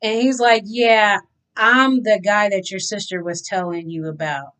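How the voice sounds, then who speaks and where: A woman recounting a personal story straight to her viewers, chatty and unhurried. She drops into the voices of the people in her story as she tells it. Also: medium pitch. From Louisiana. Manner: chatty, animated retelling with acted-out dialogue. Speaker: vlogger. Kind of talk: candid storytelling to camera.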